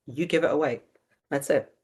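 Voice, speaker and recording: A woman's voice: deep voice, normal speed, a little mellow, husky. A woman in her thirties hosting a live webinar Q&A, answering viewer questions with blunt, emphatic advice and lots of rhetorical questions.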